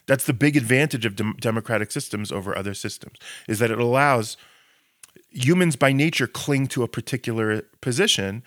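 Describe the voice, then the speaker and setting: A man's voice: medium pitch, fairly bright tone, dry recording, clean studio sound. A man co-hosting a podcast discussion as an educator. He argues with passion, uses sarcastic rhetorical questions and often restarts his words as he builds a point. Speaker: Israel educator and podcast co-host.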